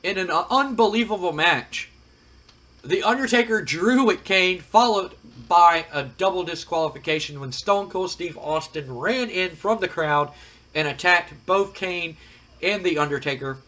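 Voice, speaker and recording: A man's voice: high-pitched, measured pace, pushed and bright. A man hosting a casual gaming commentary, chatty and rambling with frequent fillers. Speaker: host.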